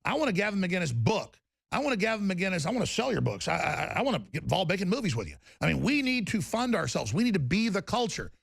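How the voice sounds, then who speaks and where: A man hosting a live call-in talk show, talking in a rambling, excitable way that jumps from topic to topic. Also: sits high, gravelly, breathy edge, dry recording, clean studio sound. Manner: rambling, excitable, fast-shifting delivery.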